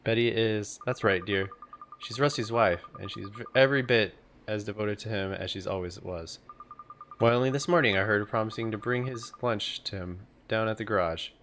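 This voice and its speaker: At a moderate pace, a man with a voice on the low side and a bit bright plays a gossipy old neighbor woman, fussing, chatting and sympathizing. Game music plays behind him along with slight background noise.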